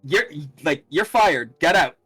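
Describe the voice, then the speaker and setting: A man's voice: a little high, expressive, fairly bright tone, breathy edge, dry recording, faint music behind, heavily acted. Stern woman artificer boss, man putting on the voice, curt and commanding. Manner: brisk, curt, orders people about. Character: brisk female artificer employer, stern.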